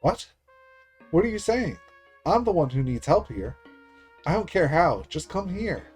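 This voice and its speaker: A man voicing a small girl calling out desperately in the dark and demanding help. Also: fairly high pitch, sing-song, unhurried, husky, soft background music, voice pushed up, exaggerated voice. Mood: frantic, demanding. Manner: pleading, shouting into the dark.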